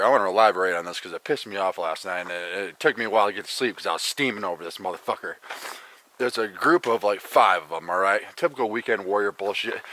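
A man's voice: on the low side, sharp tone, slight background noise. A man vlogging on the trail, telling a story as a foul-mouthed, fired-up rant. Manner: profane, ranting storytelling. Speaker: hiking vlogger. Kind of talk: casual vlog monologue. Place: backcountry campsite outdoors.

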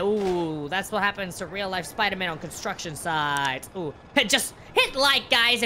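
A woman's voice: mid-range voice, pushed and bright. A woman giving playful, jokey reaction commentary as a video host, full of exclamations.

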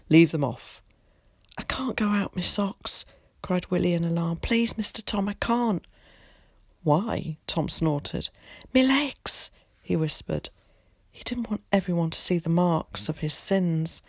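A woman teacher reading a children's novel aloud in an expressive, measured storytelling voice. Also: low voice, no echo, studio quality. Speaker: primary school teacher.

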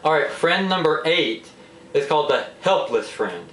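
A man with a slightly high voice, talking in a casual, exasperated rant straight to the camera. He sounds a little away from the mic, and the room around him is echoey. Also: moderate pace, distant mic. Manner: exasperated, animated complaining. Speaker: vlogger. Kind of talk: casual ranting monologue. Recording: roomy echo, a bit off-mic.

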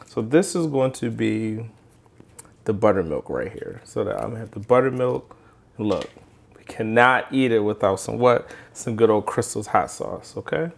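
A man's voice: on the low side, moderate pace, vocal fry. A man hosting a casual home cooking vlog and tasting food in his kitchen, talking eagerly and directly to his viewers. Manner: chatty, enthusiastic, talks straight to viewers. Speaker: cooking channel host. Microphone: handheld microphone.

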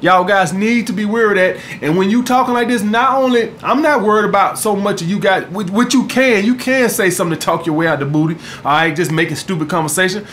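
Brief: fairly high-pitched man, coach ranting to camera, crude and blunt, soft hum in the background. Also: quick pace, hardly any pauses. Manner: blunt and profane, keeps asking "all right?". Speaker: dating coach. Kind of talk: casual vlog monologue.

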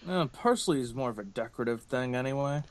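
A man's voice: mid-range voice, animated, fast talker. A man playing in a tabletop game, describing his character in a casual, hesitant way. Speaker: player. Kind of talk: tabletop role-play.

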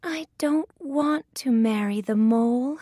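Woman narrator voicing a tiny, gentle girl for a storybook: high, very slow, dry close sound. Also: no echo. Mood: wistful, joyful. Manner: slow, clear storybook delivery. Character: tiny sweet young girl, gentle and hopeful.

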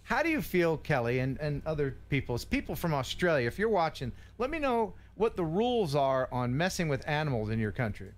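A man's voice: a little high, sing-song, a little fast, few pauses. A man hosting a casual live stream about drones, joking and teasing his co-host, laughing often. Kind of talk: casual chat.

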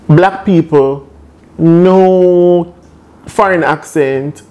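A young man with a Jamaican accent tells a funny story from his own life in lively patois. He is animated and quick to laugh, acting out every turn of the story. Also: fairly high pitch. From Caribbean. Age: young adult. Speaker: vlogger. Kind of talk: comic storytime.

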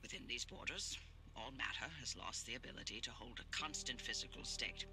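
A man voicing a calm guide giving instructions. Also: mid-range voice, a little fast, crowd noise, natural voice. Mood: instructive. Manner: matter-of-fact, instructive. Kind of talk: video game dialogue. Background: game music.

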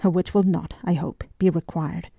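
A woman voicing a calm, diplomatic young lieutenant. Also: fairly low pitch, measured pace, gravelly, breathy edge, dry recording, highs cut off, full character voice. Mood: placating. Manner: soothing and reasonable.

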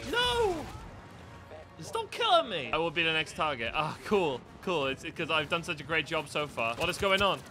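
A man giving casual, excitable commentary over his own gameplay, swearing and yelling at the game. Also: high-pitched. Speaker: gaming video host.

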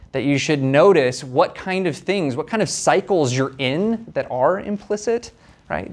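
A young man teaching a university class in a relaxed, chatty style. He hedges often and keeps checking in with the room through tag questions, and his voice sits at an ordinary middle pitch. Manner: conversational, hedging, tag questions. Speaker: university lecturer. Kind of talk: casual classroom lecture.

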